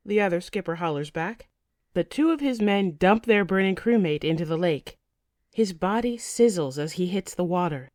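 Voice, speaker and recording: A woman's voice: lowish voice, animated, moderate pace, darkish tone, no room sound, studio quality. Woman narrating a fantasy audiobook. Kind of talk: first-person fantasy narration.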